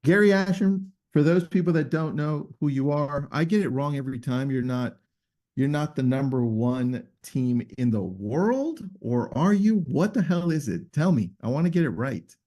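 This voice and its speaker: A man's voice: a little high, expressive, moderate pace, mellow. A man hosting a live video call interview, upbeat and joking in friendly banter with his guests. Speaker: host.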